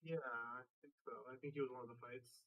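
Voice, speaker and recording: A man chatting casually on a podcast, laid-back with quick asides. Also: mid-range voice, fairly even intonation, phone-quality sound.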